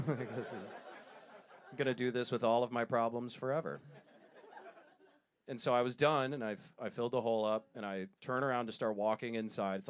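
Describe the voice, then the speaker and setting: A man telling stories in a stand-up comedy set, self-deprecating, with quick asides. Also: fairly low pitch.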